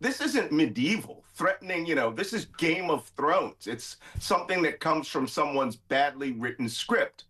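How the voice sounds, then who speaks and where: A man's voice: on the high side, animated, normal speed, few pauses. Emphatic man debating hotly. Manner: emphatic, forceful. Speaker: guest commentator. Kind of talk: heated debate.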